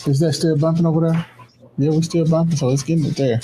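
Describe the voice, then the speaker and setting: A man co-hosting a casual show, joking and teasing in an animated way. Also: a little high, fast talker, a little hiss or hum. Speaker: co-host. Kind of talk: casual comedic chat.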